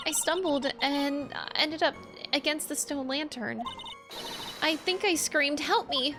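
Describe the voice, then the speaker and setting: A young woman witness speaks softly and hesitantly, read by a woman. Her voice sits a touch high. Game music hums behind. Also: slow. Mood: hushed. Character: soft-spoken young woman recalling an attack.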